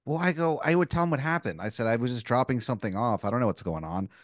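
A man's voice: medium pitch, lively intonation, fast, dry recording, clean studio sound. A man on a comedy podcast reacting to a story with blunt, profane remarks and laughter. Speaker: podcast co-host. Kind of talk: casual comedic banter.

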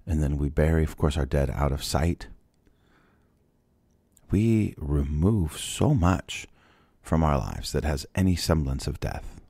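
Man with a super deep husky voice doing a devotional bible talk, chatty, lots of questions to listeners, dry close mic. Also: measured pace, mellow, no echo. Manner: conversational, rhetorical questions, restarts. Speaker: Bible podcast host.

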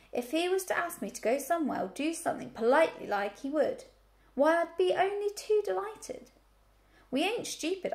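A woman croaking as a hoarse old ewe. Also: high-pitched, pitched above the performer's own voice. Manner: rustic country dialect, gruff.

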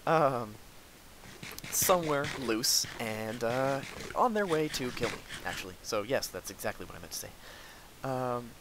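Excitable young man narrating gameplay. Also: medium pitch, a little slow, noisy background. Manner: excitable, talks to himself and the enemies, frequent laughs and outbursts. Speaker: gaming video host. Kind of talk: live gameplay commentary.

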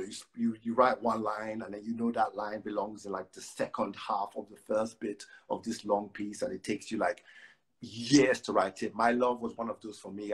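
A man, a poet, chatting loosely with many fillers and then reciting spoken word verse with rhythmic emphasis over a phone live stream. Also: fairly low pitch. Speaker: guest poet. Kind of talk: casual chat and spoken word poetry reading. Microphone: phone on a live video stream.

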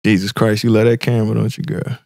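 A man's voice: fairly low pitch, level tone, quick pace, gravelly, a little mellow. A young man hosting a casual podcast, loose and joking, swearing freely as he talks. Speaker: podcast host.

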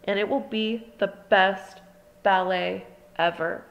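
A woman voicing a confident little mouse ballerina girl in a storybook reading, speaking brightly and with enthusiasm. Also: medium pitch, fairly even intonation, takes it slowly, creaky, big-room sound, dull audio. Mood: cheerful.

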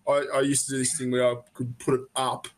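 A man's voice: mid-range voice, completely flat delivery, quick pace. A man hosting a casual interview, asking blunt, joking questions and often stumbling over and repeating his words. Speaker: host interviewing a guest. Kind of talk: casual, crude interview chat.

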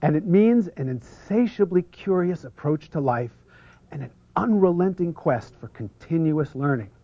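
A man leads an instructional seminar with lots of energy, drawing out foreign terms so the audience can call them back. His voice sits a little high for a man, and at times he drops to a near hush. The recording is dull and lo-fi. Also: moderate pace. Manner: energetic, stretching out foreign words for the audience to repeat; drops to a hush for some passages. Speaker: seminar presenter. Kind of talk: instructional seminar talk leading audience repetition. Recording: muffled lo-fi video recording.

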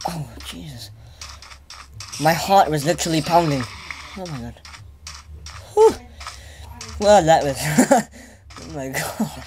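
A man giving let's play commentary, stammering and repeating himself as he gets excitable. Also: on the high side, slow, pauses often. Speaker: gaming channel host.

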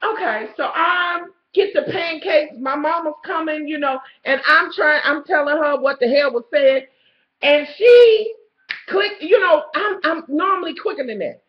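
A woman, telling a profane, animated story as a vlogger, swinging between loud outbursts and low asides. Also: unhurried. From Kentucky, USA. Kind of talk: ranting storytelling. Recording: echoey lo-fi home video.

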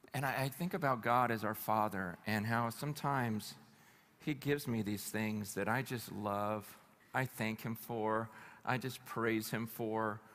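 A male pastor preaching at a conference, telling stories in an animated, conversational way with humor. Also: medium pitch. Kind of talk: conference sermon. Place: live conference hall.

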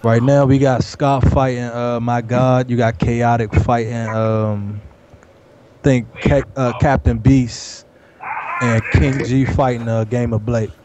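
A man's voice: mid-range voice, little pitch movement, takes it slowly, darkish tone, muffled recording. Teasing man on a noisy call. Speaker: guest caller. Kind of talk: casual gaming chat.

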